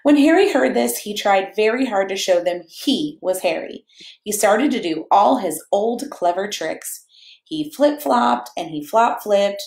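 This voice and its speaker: A woman reading a picture book aloud to children in a playful, animated way, chatting to them and to her dog between pages. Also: mid-range voice, unhurried, vocal fry. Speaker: children's story reader. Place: church or home room, echoey. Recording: echoey room.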